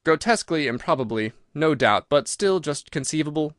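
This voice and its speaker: A man's voice: a little high, animated, normal speed, fairly bright tone, no room sound, clean studio sound. A man voicing a mild, thoughtful companion who asks modest, tentative questions.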